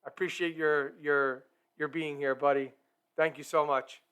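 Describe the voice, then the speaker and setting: A man hosts a live hockey talk stream, upbeat and chatty as he speaks straight to the people watching. His voice sits a bit higher than most men's. He comes through a streaming microphone. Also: little pitch movement, normal speed, a bit bright, clean tone. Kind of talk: casual live-stream chat.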